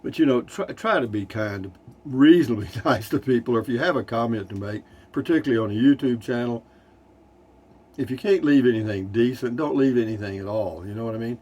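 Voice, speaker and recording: A man's voice: mid-range voice, brisk, darkish tone. Older man, texan accent, folksy rambling, dry jokes, motorhome vlog. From Texas. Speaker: RV vlogger. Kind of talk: casual chat reading viewer comments. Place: inside a Class C motorhome.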